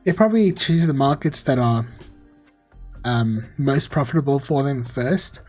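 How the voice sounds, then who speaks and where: A young man streams a Let's Play, casually commenting on his game and reading chat in an easygoing, self-mocking way. His mid-range voice is animated, unhurried and a bit dark. Faint music plays behind him.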